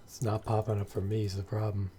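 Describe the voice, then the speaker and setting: Guy dming a tabletop game, warm mellow tone, patient with the rules. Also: fairly low pitch, little pitch movement, fast, a little hiss or hum. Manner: encouraging, explains rules step by step. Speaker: game master. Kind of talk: running a tabletop game over voice chat.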